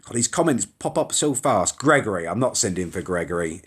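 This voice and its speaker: A man's voice: on the low side, very animated, fairly quick, fairly bright tone, slightly rough. A young man hosting a casual live stream, rambling and reading out viewer comments with mild swearing. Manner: chatty, rambling, mild swearing, reacts to comments as they scroll. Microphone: phone or webcam live stream.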